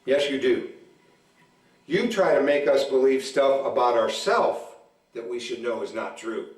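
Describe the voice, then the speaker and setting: A man in his forties doing stand-up comedy at a church event, telling deadpan stories about his marriage and acting out both sides of the arguments. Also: medium pitch, a little slow. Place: church hall. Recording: echoey hall, mic from a distance.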